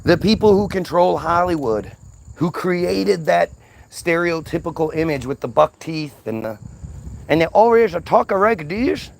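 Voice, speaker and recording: A man's voice: a little high, expressive, unhurried, vocal fry, a little hiss or hum. A man ranting in an unscripted monologue, agitated, often repeating and restarting words. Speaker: commentator.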